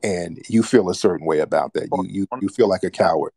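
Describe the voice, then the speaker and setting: A man's voice: deep voice, fairly quick, a little mellow, no room sound, studio quality. An American man hosting a call-in radio show, arguing heatedly and mocking the caller with insistent repetition. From United States. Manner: mocking, insistent, repeats himself.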